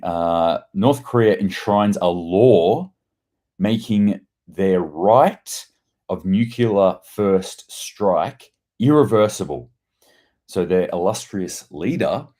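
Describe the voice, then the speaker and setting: A man's voice: sits low, darkish tone. A man giving casual, profane news commentary on a livestream, breaking into sarcastic rants and reading chat messages. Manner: profane, ranting, sarcastic asides. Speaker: host of a daily news commentary show.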